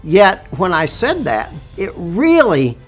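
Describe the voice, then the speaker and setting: A middle-aged man with a Southern accent, telling his story in an interview with a slow, drawn-out delivery. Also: high-pitched, huge pitch swings, faint music behind. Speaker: business owner.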